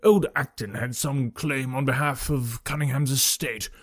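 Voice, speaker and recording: A male reader playing a bluff retired colonel over sixty, brisk and matter-of-fact. His voice has a husky grain, recorded dry and close. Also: mid-range voice, fairly even intonation, no echo, lightly acted. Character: bluff old retired army colonel, hearty country gent. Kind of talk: audiobook character reading.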